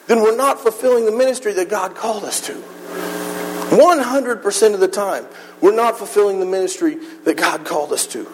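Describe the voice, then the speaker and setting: Preacher, male, high voice, chatty earnest sermon, faint room ambience behind. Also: a little fast, background noise. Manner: earnest, conversational, acts out voices. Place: church.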